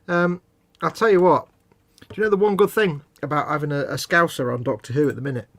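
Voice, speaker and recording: A man's voice: a little high, fast talker, vocal fry, fairly bright tone, no room sound. A man co-hosting a live hobby stream, joking around and reading out viewer questions. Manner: jokey, breaks into silly singing. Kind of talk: casual banter while painting models.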